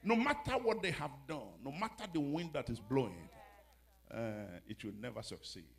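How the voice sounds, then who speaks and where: A man preaching a sermon, swinging between hushed storytelling and shouted exhortation. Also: mid-range voice, animated, normal speed, gravelly. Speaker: pastor.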